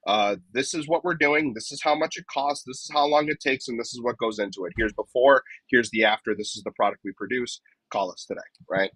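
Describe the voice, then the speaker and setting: A man's voice: mid-range voice, fairly quick, few pauses, a bit bright, no room sound, low-quality recording. A man who works as a dent repair technician, a guest on a casual podcast interview, explaining his advice step by step and often checking in with "right?". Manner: explanatory, tags many points with "right?".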